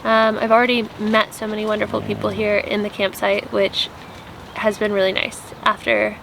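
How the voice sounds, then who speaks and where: A woman's voice: medium pitch, level tone, normal speed, creaky, a bit bright. Young woman vlogger, earnest and meandering, faint outdoor noise behind her. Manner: earnest, rambling, many "like" fillers. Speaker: vlogger and app founder. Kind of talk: casual spiritual vlog chat. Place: tent at a campsite.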